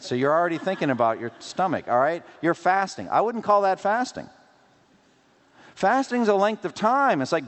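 A man preaching a sermon in an animated way, using rhetorical questions and playful asides. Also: sits high, normal speed. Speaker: pastor. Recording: long hall reverb.

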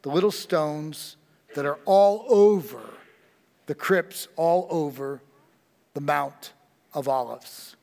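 Slow, high-voiced preaching man. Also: gravelly, a little mellow, big-room sound. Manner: slow, emphatic preaching with dramatic pauses. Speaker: pastor. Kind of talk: sermon.

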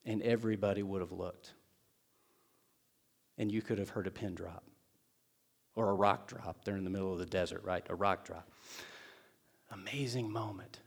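A pastor preaching a sermon in a conversational, storytelling way, acting out the words of the people in his stories. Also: medium pitch. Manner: conversational storytelling, acts out quotes.

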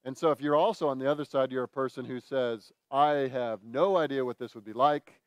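A dry recording captures a male pastor with a clear, resonant, medium-pitched voice preaching briskly and earnestly. Every so often he acts out, with animation, what his congregation might say.

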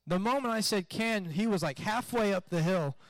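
A man's voice: high voice, normal speed, no echo. A man, a pastor, giving a sermon and telling a personal story, acting out the voices in it. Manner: animated storytelling with acted-out quotes.

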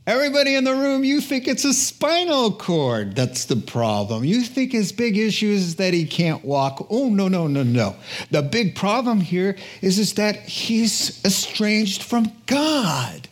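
A man's voice: sits high, big pitch swings, unhurried, voice pushed up, full character voice. A man voicing Jesus, earnest and declaring. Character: Jesus, a calm authoritative male teacher.

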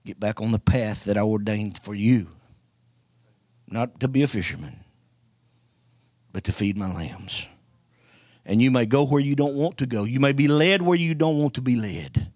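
A deep, hushed voice of a solemn male spiritual teacher, as a preacher puts him on in a sermon. The words come slow, tender and earnest, dropped well below the speaker's normal register and spoken in a dry, close sound. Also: animated, dry recording, lightly acted.

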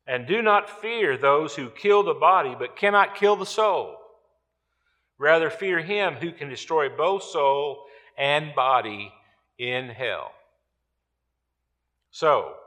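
A male pastor preaching a sermon slowly and emphatically, repeating key words. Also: mid-range voice, fairly bright tone. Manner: slow, emphatic preaching with repetitions. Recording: long hall reverb.

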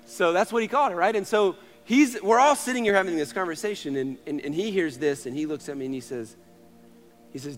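A man in his thirties preaches a sermon, telling stories in an earnest tone that shifts from loud to hushed. His voice sits a little high. Soft music plays behind him. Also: animated, brisk. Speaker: pastor.

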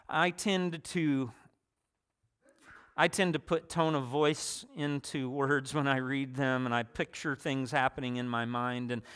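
A man's voice: a little high, bright, forceful tone, clear, resonant tone. A man preaching a sermon in a conversational way, restarting phrases and adding personal asides.

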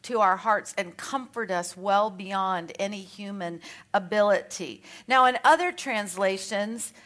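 An Australian-accented Bible teacher speaks a little slowly in a medium-pitched, fairly bright voice. She reads scripture aloud between remarks, teaching in a chatty, conversational manner with gentle jokes at her own expense.

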